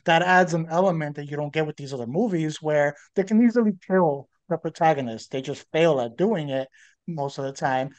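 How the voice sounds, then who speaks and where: A man's voice: a little high, brisk. A man co-hosting a podcast in casual chat, rambling with fillers and restarts. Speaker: podcast co-host.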